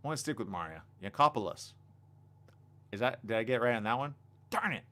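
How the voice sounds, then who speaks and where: A man hosting a casual live stream on a desk mic, reading viewer comments and chatting excitably. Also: medium pitch, fast talker. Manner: animated, excitable, reads viewer comments aloud. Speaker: livestream host. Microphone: desk condenser mic.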